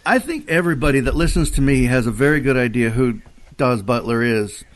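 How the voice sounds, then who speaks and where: A man's voice: medium pitch, lively intonation, fairly quick. A man hosting a radio interview, upbeat and easygoing. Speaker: radio host. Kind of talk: casual interview.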